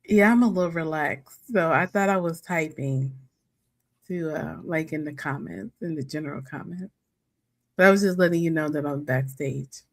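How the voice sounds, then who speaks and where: A chatty woman with a fairly low voice, joining a livestream as a guest. She rambles and giggles, speaking into a new microphone. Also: normal speed. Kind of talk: casual livestream chat.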